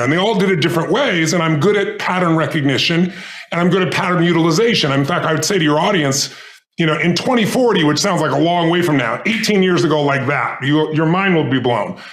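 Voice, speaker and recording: With a fairly bright voice on the high side, a middle-aged male interview guest shares stories in an earnest, intense way and gets choked up with emotion.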